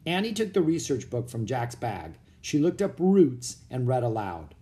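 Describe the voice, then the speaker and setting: Male narrator, children's read-aloud, mid-pitched, very lively inflection. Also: moderate pace, few pauses. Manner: expressive storytelling. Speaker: audiobook narrator.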